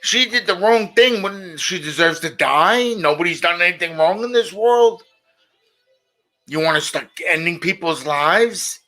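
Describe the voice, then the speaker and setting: A man's voice: high-pitched, expressive, unhurried, bright, forceful tone, soft background music. A middle-aged man hosting a casual monologue show, blunt and opinionated, often repeating his points. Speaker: show host.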